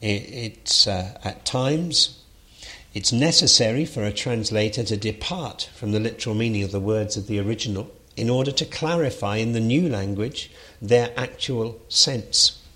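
A man's voice: on the low side, normal speed, sharp tone. A man giving an unscripted lecture on Bible translation, thoughtful, with frequent fillers and restarts.

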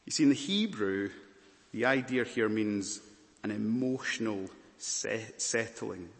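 A man preaching a sermon, earnest and expressive, swinging from raised emphasis to quiet softness. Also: fairly low pitch, a little slow, gravelly. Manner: earnest preaching, rising loud then dropping to soft. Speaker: pastor. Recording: long hall reverb.

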